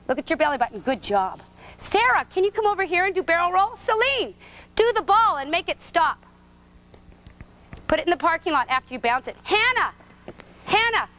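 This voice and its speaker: High-voiced woman coaching toddlers. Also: a bit bright. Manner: sing-song, encouraging, gives short simple directions. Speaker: preschool gymnastics coach. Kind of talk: coaching young children in class. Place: indoor gym.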